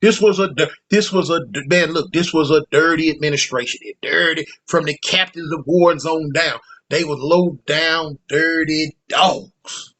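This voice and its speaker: Male storyteller, high-pitched, loose and slangy, acts out every quoted line. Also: normal speed, hardly any pauses, a bit bright. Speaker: storyteller recounting prison life. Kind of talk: casual storytelling monologue.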